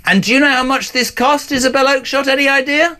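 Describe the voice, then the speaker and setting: High-voiced ranting male presenter. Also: fairly even intonation, quick pace, sharp tone. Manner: impassioned, sarcastic ranting. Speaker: talk show presenter. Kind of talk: opinionated panel discussion.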